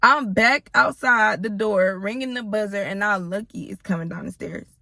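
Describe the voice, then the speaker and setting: A woman in her thirties tells a story to her viewers in a voice with plenty of vocal fry and a sharp, forceful edge. She talks bluntly and swears freely, and she keeps turning to address the audience directly. The sound is dry and close, with no room echo. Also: medium pitch, moderate pace. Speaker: storytime vlogger. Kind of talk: casual storytelling to camera.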